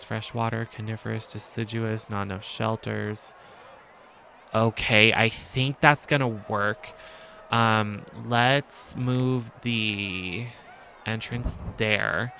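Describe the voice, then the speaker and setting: Man, let's-play host, slow thinking-aloud commentary with hesitant ums, bright tone. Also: mid-range voice, a little hiss or hum. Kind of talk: casual gameplay commentary.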